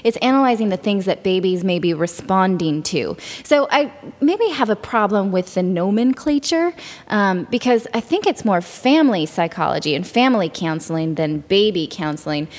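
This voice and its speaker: A woman on a parenting panel talks in a casual, rambling way and often pauses to find her words. Her voice sits at a middle pitch. A long reverb trails after it. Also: animated, darkish tone. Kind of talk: casual chat.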